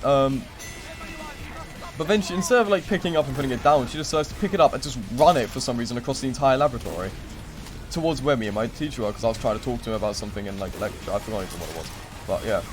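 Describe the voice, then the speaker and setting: A man's voice: medium pitch, fast talker. A young man streaming, telling a rambling story in casual chat with lots of fillers and acted-out quotes. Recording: music playing behind.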